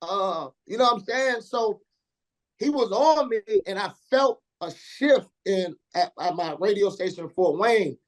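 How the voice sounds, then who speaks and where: Slangy, animated storytelling man. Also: sits high, measured pace. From Indiana, USA. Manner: slangy, animated, acts out quoted people. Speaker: radio DJ guest. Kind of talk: casual storytelling interview.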